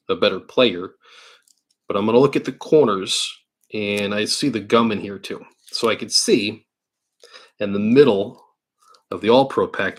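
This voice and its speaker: A man from New York hosting a live card-break stream, chatting casually and thinking aloud while he opens packs. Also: on the low side. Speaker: livestream card-break host. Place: indoor card-break studio.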